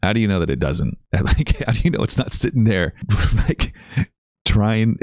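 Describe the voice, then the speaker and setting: Man, low voice, lively swings in pitch, excitable reaction host, dry recording. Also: normal speed, dry recording. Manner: excitable, incredulous, laughs often. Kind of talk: casual reaction commentary.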